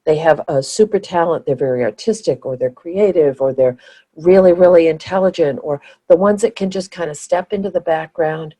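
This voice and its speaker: A woman co-hosting a podcast, talking in an earnest way and often pausing to find her words. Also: fairly low pitch, mellow, poor audio. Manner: earnest, restarts and searches for words. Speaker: podcast co-host. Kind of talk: conversational podcast chat.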